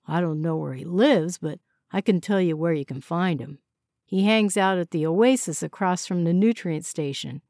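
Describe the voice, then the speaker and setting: A woman's voice: lowish voice, moderate pace, darkish tone, no room sound, studio quality, close to an everyday voice. A woman voicing Franklin, a jealous, bitter young man with a sullen, sneering way of talking. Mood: grudging.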